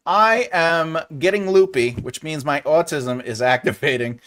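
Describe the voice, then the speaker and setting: A man's voice: a little high, slow, a bit bright. A man hosting a writing livestream, chatting casually, laughing often and acting out silly voices when retelling scenes. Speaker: writing channel host.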